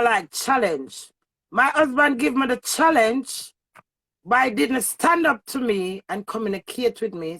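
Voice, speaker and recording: Gravelly Jamaican woman ranting. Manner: emphatic, heated, swings between loud bursts and low mutters. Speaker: online personality. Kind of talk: livestream rant to viewers.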